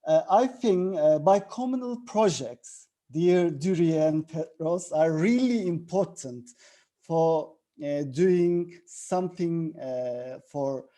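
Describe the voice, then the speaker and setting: Slow, halting man on a panel. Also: on the high side, lively intonation, warm tone. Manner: halting, many filler sounds. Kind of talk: panel discussion.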